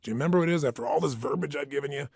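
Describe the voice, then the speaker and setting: A man's voice: fairly high pitch, rapid-fire, gravelly, a little mellow, husky, no echo, clean studio sound. A man giving an emphatic motivational talk, acting out the voices in people's heads. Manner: emphatic, acts out inner voices. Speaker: motivational speaker.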